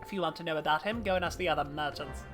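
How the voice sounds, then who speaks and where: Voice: mid-range voice, very fast, over music, lightly acted. A streamer voicing a struggling, wheedling small merchant while reading game dialogue aloud on stream. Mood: grumpy. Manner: theatrical read of game dialogue.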